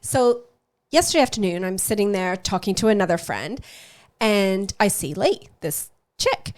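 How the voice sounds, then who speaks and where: Lively, animated woman chatting on a podcast. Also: medium pitch, moderate pace. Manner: animated storyteller who acts out quoted voices. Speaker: podcast co-host. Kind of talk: casual chat, telling a story.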